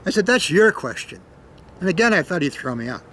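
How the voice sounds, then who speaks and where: A man's voice: high-pitched, very animated, fairly quick, bright, forceful tone, slight background noise, rough recording. An older man from Canada telling stories in a loose, rambling monologue, cursing freely and punching words with sudden emphasis. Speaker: storyteller. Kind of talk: casual spoken monologue.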